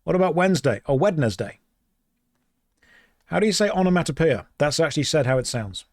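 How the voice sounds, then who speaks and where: Guy streaming a game, kinda high voice, dry mic, reading chat and bantering back. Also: expressive, brisk, dry recording. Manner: reads chat aloud and answers, playful and exasperated. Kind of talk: casual gaming stream chat.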